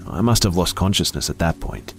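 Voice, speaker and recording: A man slowly narrating a first-person horror story in a hushed voice that often drops to a whisper. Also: sits low, lively intonation, creaky, soft background music.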